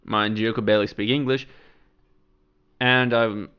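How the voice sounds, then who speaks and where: Rambling man with a smooth voice. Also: on the low side, steady tone, moderate pace, lo-fi sound. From Serbian background. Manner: rambling, self-correcting, casual swearing. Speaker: channel host. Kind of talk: casual trailer reaction commentary.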